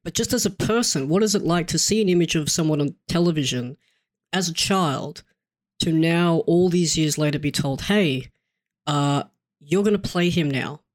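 Host, mid-pitched, rambling halting questions, casual. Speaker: podcast host. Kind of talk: interview questions.

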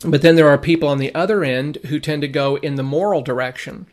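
A middle-aged man gives an informal Bible lesson in a voice pitched a touch high. He talks through his points conversationally, slipping into anecdotes and briefly voicing the people in them. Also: fast. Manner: conversational, storytelling, acts out quoted people. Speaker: Bible teacher.

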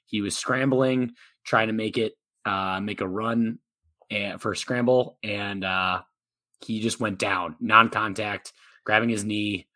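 A man co-hosting a casual football podcast, his voice low-pitched but bright and forward. He rambles through the news with plenty of fillers and easy jokes. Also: unhurried. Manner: relaxed, filler-heavy, joking. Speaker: podcast co-host. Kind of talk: casual sports chat.

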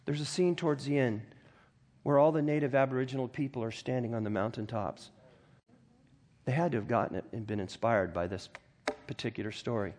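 Man, pastor delivering a sermon; mid-range pitch, conversational and animated, frequent throat-clearing. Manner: reads scripture aloud and comments in a conversational, animated way.

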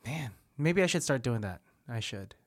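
A man's voice: mid-range voice, animated, normal speed. A man hosting a podcast, talking candidly and with self-deprecating humor in a casual chat. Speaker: podcast host.

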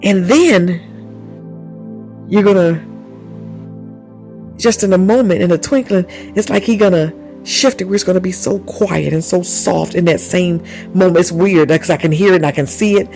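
A man's voice: high-pitched, moderate pace, long pauses, darkish tone, soft background music, poor audio. A man preaching a charismatic sermon, fervent and repetitive, with bursts of praise and speaking in tongues. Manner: exclaims praise often.

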